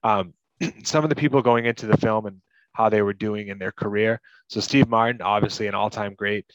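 Man from Massachusetts, podcast co-host, low-ish voice, chatty and filler-heavy, slightly muffled dry recording. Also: steady tone, fairly quick, no room sound. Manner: rambling, lots of fillers like "like" and "you know". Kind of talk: casual movie podcast chat.

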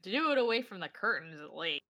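A woman's voice: medium pitch, sing-song, fairly quick, sharp tone. A woman playing a tabletop game, explaining things casually with many fillers. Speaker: player.

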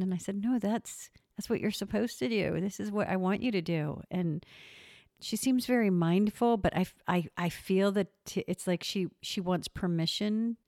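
A middle-aged woman host chatting casually, telling stories with animated restarts and laughs. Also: mid-range voice, moderate pace, no echo, studio quality. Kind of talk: casual chat.

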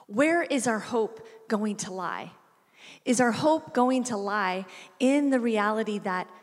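A woman giving a sermon, telling a family story and acting out the voices in it. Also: medium pitch. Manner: storytelling, acts out voices with animated shifts. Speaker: preacher. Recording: reverberant hall.

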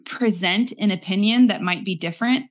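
A woman's voice: medium pitch, normal speed. A young adult woman telling a personal story in a candid, reflective way, acting out quoted lines as she goes. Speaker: guest.

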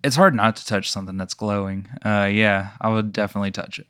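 Man, guest player in a tabletop game, dry and deliberate, lowish smooth voice. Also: steady tone, pushed and bright, no echo. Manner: dry, deliberate, matter-of-fact. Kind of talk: casual comic role-play.

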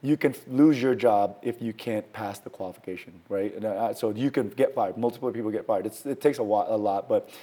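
A man telling a story as a guest in a conversation. He talks casually and acts out quoted lines with sudden loud jumps in pitch. He swaps in mild words where he would swear. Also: brisk, hardly any pauses. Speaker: guest, firearms trainer.

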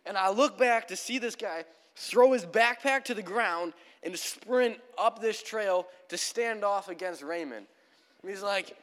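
A man's voice: sits high, a little slow, fairly bright tone. A young male pastor preaching a sermon in a casual, storytelling manner in a church. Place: church sanctuary. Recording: long church hall reverb.

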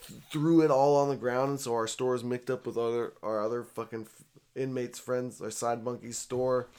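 Brief: young guy, mid-pitched, loose and profane, rambling casual storyteller. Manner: profane, rambling, animated retelling.

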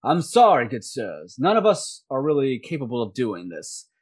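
A man's voice: medium pitch, huge pitch swings, normal speed, husky. A man voicing a courteous, apologetic male hobgoblin soldier in a tabletop game. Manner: courteous, formal.

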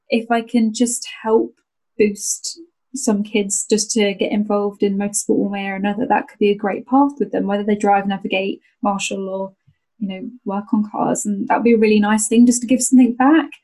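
A woman's voice: medium pitch, warm tone, rough recording. A young woman from North Wales, a rally driver co-hosting a podcast, talking in a chatty, enthusiastic way with frequent laughter. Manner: chatty and enthusiastic, many restarts and fillers, laughs often. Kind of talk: casual conversational interview.

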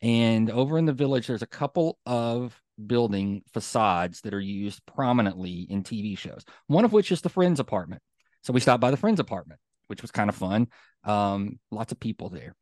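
A man's voice: on the low side, lively intonation, fairly quick, a little mellow, no room sound, studio quality. A man co-hosting a podcast, telling stories casually with plenty of fillers and getting fired up. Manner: chatty storyteller, many fillers, gets fired up. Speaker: podcast co-host. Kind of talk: casual chat.

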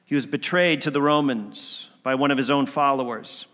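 A man telling a story as a sermon, swinging between emphatic lines and hushed ones. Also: mid-range voice, normal speed. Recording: long hall reverb.

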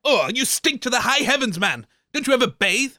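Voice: mid-range voice, sing-song, brisk, bright, forceful tone, dry recording, studio quality. A performer voicing a pompous, bossy radio co-host in a comedy audio sketch, imperious and rude.

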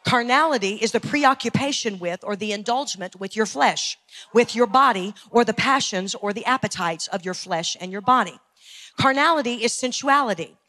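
A woman's voice: fairly high pitch, normal speed, bright, forceful tone. A woman pastor preaching a fiery sermon, building in intensity and repeating phrases for emphasis. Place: church sanctuary.

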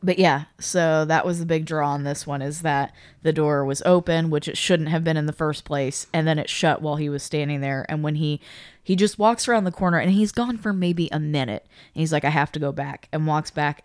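A woman's voice: sits low, fairly quick, clear, resonant tone, no room sound. A woman co-hosting a podcast, casually retelling a video and acting out the quotes with animation. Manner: animated storyteller, acts out quotes. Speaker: podcast co-host.

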